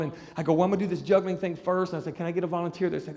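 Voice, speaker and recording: A man with a high voice tells a comic story on stage, acting out everyone in it with lively energy. His voice rings through a large hall with a long reverb, and it sounds like a live show. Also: rapid-fire, creaky. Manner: animated, acts out voices of people in the story. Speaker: comedian and juggler. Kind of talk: stand-up storytelling.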